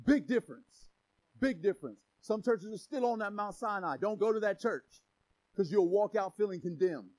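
A man with a strikingly high-pitched voice preaching a sermon. He is animated and playful, joking with the congregation. He punches key phrases with shouted emphasis. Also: moderate pace, rough recording. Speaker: pastor.

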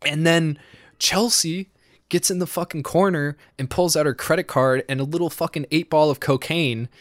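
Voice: medium pitch, steady tone, moderate pace, no echo, studio quality. A young adult telling a wild party story in casual chat, swearing often, laughing, and saying "dude" and "like" a lot. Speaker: podcast storyteller.

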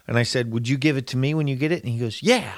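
Man over sixty, teasing host, quick to laugh, dry close sound. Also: medium pitch, steady tone, dry recording. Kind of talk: casual chat.

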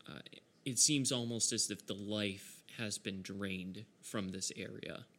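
Bright-voiced man running a tabletop game. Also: on the low side, steady tone, unhurried, a little hiss or hum. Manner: easygoing narration with frequent chuckles and fillers. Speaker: game master.

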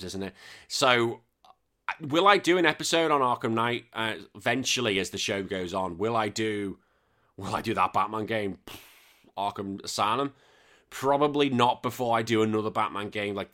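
Male podcast host, bright forceful voice, loose and sweary, rambling casual chat. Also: lowish voice. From United Kingdom. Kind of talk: casual chat reading listener comments.

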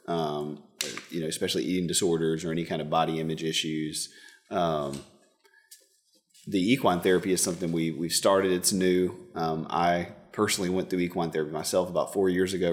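A man's voice: low-pitched, fairly even intonation, fairly quick. A man who works as a counselor, talking in a casual interview in an earnest, rambling way and acting out quoted dialogue.

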